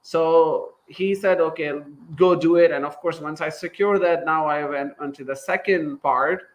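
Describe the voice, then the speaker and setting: Pakistani man telling a story, fairly high. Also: a little slow, poor audio. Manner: animated, acts out quoted dialogue, laughs while telling. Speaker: guest, company founder. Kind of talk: casual interview storytelling.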